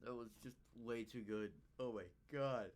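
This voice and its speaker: A man casually reacting to a comedy video. He gets giggly and excitable and laughs often. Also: mid-range voice, normal speed.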